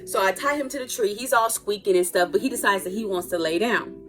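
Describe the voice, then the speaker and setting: An adult woman telling a personal story in a casual, animated and dramatic way, with playful asides. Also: medium pitch, fast, faint music behind. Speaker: storytime vlogger.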